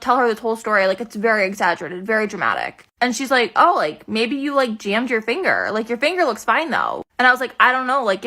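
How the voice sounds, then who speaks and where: Young woman rattling off a story time, quick and bright, lots of likes. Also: fairly high pitch. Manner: chatty, filler-heavy, self-mocking. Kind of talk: casual story time to camera.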